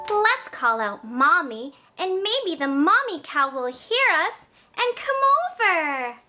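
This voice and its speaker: A woman with a very high, bouncing voice talks to toddlers in a slow, exaggerated sing-song. She stretches her words and cheers them on, over loud children's music playing behind her. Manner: exaggerated, encouraging, drawn-out words. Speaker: children's show host.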